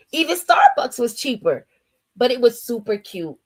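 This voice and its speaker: Streamer, female, New Jersey accent, slangy casual chatter, slightly high voice. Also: wildly swooping pitch, measured pace, breathy edge. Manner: chatty, slangy, laughs often, reads chat aloud. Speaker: livestream host. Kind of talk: casual morning livestream chat.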